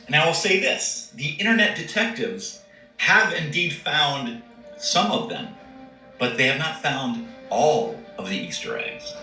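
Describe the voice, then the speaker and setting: A man's voice: medium pitch, bright, forceful tone. A man, a game company executive, answering interview questions in an enthusiastic, promotional way. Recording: echoey, distant mic.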